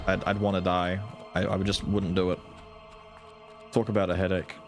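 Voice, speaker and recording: Joking male streamer over loud music. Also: sits low, level tone, normal speed. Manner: joking, crude, playful asides. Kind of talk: casual gameplay commentary. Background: loud game music.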